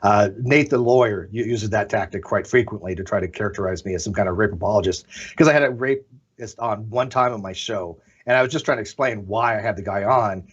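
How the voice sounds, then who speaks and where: A man's voice: on the low side, brisk, husky. A man as a podcast guest, explaining his side in an emphatic, argumentative way during a casual discussion. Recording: dull lo-fi audio.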